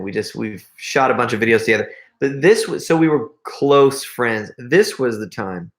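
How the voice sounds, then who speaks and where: A man's voice: fairly low pitch, gravelly. Rambling man telling stories on a livestream. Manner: rambling, restarts often, laughs while telling stories. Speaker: host reading live chat comments. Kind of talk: casual live-stream storytelling.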